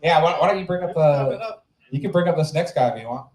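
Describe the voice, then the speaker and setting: A man's voice: a little high, very fast, a little mellow. A man hosting a comedy open mic in a small club, bantering loosely and teasing the comics. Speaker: show host. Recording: echoey club with music.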